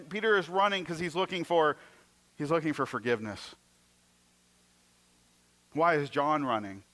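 A man preaching a sermon, retelling stories with acted-out voices and moving between emphatic passages and hushed ones. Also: on the high side, normal speed, long pauses. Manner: storytelling, acting out scenes in varied voices; swings from loud and emphatic to hushed. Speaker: pastor.

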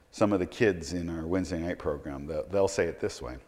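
A male pastor preaching a sermon, swinging between loud emphatic stretches and quiet low asides, often repeating words as he starts a sentence. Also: fairly quick, few pauses, big-room sound.

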